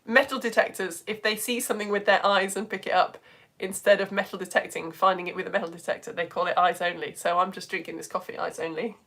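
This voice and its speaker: Woman host from the UK, casual live-stream lesson chat, self-deprecating and giggly, average pitch. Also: steady tone, quick pace, a bit bright. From United Kingdom. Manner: self-mocking, giggly, rambling. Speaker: online lesson presenter.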